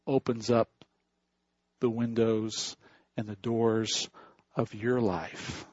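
A male pastor preaching a sermon in a church, telling stories in a slow, deliberate way, with a husky voice. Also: fairly low pitch, darkish tone, no room sound. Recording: dull dry recording.

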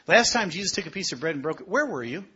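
A man preaching a sermon with a husky, slightly breathy voice. He puts questions straight to his listeners, building to emphatic high points before sinking to a hush. The recording is dull and lo-fi. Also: sing-song, fast. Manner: rises to emphatic peaks, then drops low and quiet; asks the congregation direct questions.

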